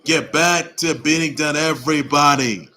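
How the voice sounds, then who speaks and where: A man's voice: fairly high pitch, normal speed, sharp tone, poor audio. A man hosting his own sports report, talking casually and rambling, repeating himself and urging teams on with emphatic exhortations. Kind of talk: casual sports news commentary.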